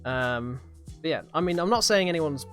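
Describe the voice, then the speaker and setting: A man's voice: a little high, expressive, normal speed, a bit bright, faint music behind. A young British man hosting a live-streamed podcast, chatting casually and rambling through a review with lots of fillers and hesitations. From Britain. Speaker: podcast host reviewing a series.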